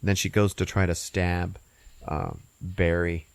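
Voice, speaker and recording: A man hosting a podcast, casually recapping a movie's plot with lots of profanity and laughter, jumping into squeaky put-on voices for the characters. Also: unhurried, smooth, dry recording. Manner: profane, laughing, animated storytelling. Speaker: podcast host.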